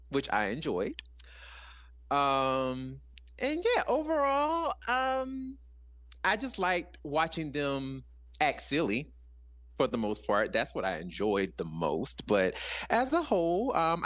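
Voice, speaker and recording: Female guest, very deep, hesitant delivery, lively pitch. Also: no room sound, clean studio sound. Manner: hesitant, many ums. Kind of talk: casual chat.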